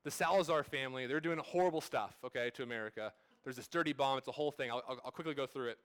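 A pastor in his thirties preaches a sermon at a church service, speaking fast at medium pitch with a somewhat bright tone. His style is casual and story-driven, full of fillers and restarts.

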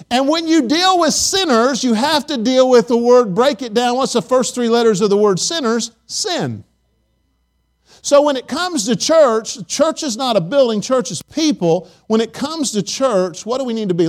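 A man with a high voice preaches in a church. He keeps it loose and chatty, telling stories and asking his listeners for an amen. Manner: chatty storytelling, asks the congregation for amens. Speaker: pastor. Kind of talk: conversational sermon. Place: church sanctuary.

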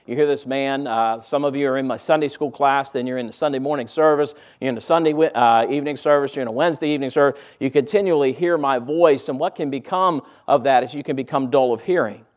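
A pastor preaching a sermon in a church, conversational and full of rhetorical questions put to the congregation. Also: male voice, mid-range voice, quick pace, few pauses. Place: church auditorium.

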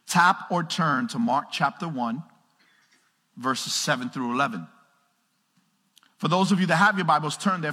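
A lively male pastor preaching in a church, his raised, slightly breathy voice bright and carrying. He rallies the congregation and drops to hushed asides, and the sound rings with the long reverb of a large sanctuary. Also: medium pitch. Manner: energetic, calls out to the congregation, swings from loud to hushed. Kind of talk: sermon.

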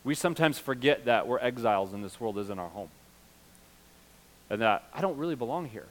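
A middle-aged male pastor preaching a sermon, swinging from loud, emphatic peaks to low, confiding asides. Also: expressive, brisk.

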